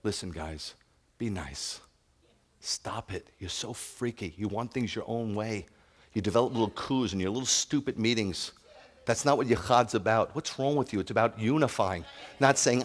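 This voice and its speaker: Earnest rabbi man preaching, low-pitched. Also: moderate pace. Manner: earnest, shifting from soft confiding to loud scolding. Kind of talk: sermon.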